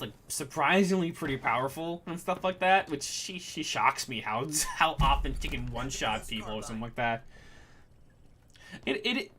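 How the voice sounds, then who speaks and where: A man's voice: medium pitch, pushed and bright, a little hiss or hum. A man streaming a game and chatting casually about running a tabletop campaign, rambling with lots of fillers and restarts. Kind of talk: casual chat while gaming.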